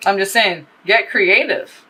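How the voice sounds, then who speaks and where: A woman with a bright voice chats through a tarot reading. She rambles, swears freely and gets animated as she talks. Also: medium pitch, measured pace, slightly rough, rough recording. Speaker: tarot reader. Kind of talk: casual tarot reading monologue.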